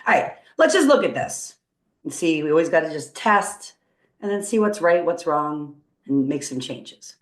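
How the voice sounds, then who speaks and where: A woman's voice: low voice, lively intonation, moderate pace. A woman teacher walking students through a coding tutorial on screen, upbeat and encouraging as she thinks aloud. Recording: roomy echo.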